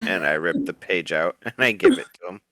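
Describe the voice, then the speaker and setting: A man's voice: deep voice, animated, a little fast, bright, forceful tone, no room sound. A man playing a tabletop game in a playful, joking way. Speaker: player. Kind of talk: casual tabletop role-play.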